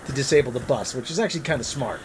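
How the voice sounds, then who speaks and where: A man's voice: medium pitch, very fast, background noise. A man co-hosting a casual show, rambling with frequent restarts. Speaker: co-host. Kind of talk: casual podcast chat.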